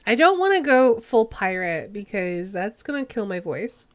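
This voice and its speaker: A woman's voice: mid-range voice, big pitch swings, moderate pace, no echo. A woman streamer giving giggly, self-mocking commentary while playing a game. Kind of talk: let's play commentary.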